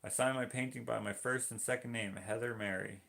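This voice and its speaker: A man's voice: medium pitch, steady tone, a little fast, vocal fry, a bit bright. A man hosting a live painting stream, reading viewer comments aloud and joking with them. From Canada. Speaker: livestream host painting. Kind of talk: casual livestream chat reading comments.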